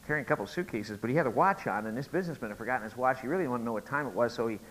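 A middle-aged man preaching a sermon, telling a joke story and rising to loud, emphatic peaks. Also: medium pitch, rapid-fire, a little hiss or hum, poor audio. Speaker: pastor.

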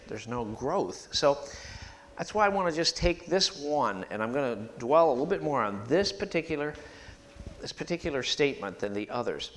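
A man preaching a sermon in a church, emphatic and animated, leading the congregation to repeat phrases after him. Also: medium pitch. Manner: sings hymn lines at the start.

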